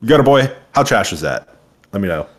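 A man's voice: fairly low pitch, sing-song, fairly quick. A man in his twenties co-hosting a podcast, joking and sarcastic in casual banter. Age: 20s. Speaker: podcast co-host.

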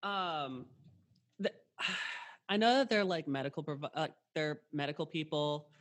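In a slightly high voice at a measured pace, with a somewhat bright tone, a male podcast host rambles through casual chat. He leans heavily on "like" and other fillers and re-enacts conversations as he goes.

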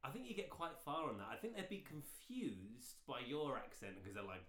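A man's voice: medium pitch, sing-song, moderate pace, a bit bright. Male co-host, dry wit, roomy echo. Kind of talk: casual comedic chat.

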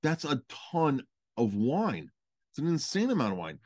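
A man's voice: mid-range voice, moderate pace, no room sound. A man co-hosting a podcast about running restaurants, talking casually and repeating words for emphasis. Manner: animated storytelling, repeats for emphasis. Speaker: podcast co-host, restaurant owner. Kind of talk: casual chat.

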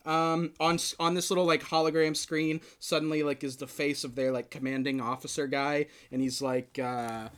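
A man hosting a podcast, chatting casually and retelling a film with lively acted-out quotes. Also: on the high side, normal speed, few pauses, clean tone. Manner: animated storytelling, acts out quotes. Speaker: podcast host. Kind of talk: casual chat.

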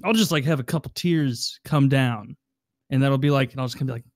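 A man in casual chat, talking quickly and eagerly, jumping in with his points. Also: medium pitch, dry recording, clean studio sound.

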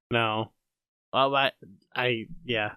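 A man's voice: medium pitch, fairly even intonation, drawn-out words, pushed and bright, clean tone. A man co-hosting a podcast in casual chat, laughing often and giving short agreeing replies. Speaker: podcast co-host.

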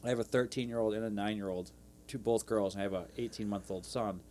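A man's voice: lowish voice, steady tone, quick pace, warm tone, slight background noise. A man in his thirties co-hosting a podcast, talking earnestly in casual chat. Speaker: podcast co-host.

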